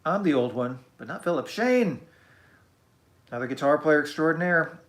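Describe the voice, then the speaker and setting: A man's voice: fairly high pitch, fast talker. Male streamer reading comments aloud, casual, joking at his own expense, echoey room. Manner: warm, chatty, self-deprecating. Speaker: musician hosting a live stream.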